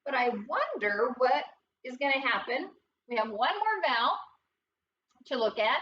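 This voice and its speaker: A woman teacher leading a phonics lesson in a classroom, talking slowly and deliberately and sounding out letters with encouragement. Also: high voice, very animated. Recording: distant, dull lo-fi audio with faint noise.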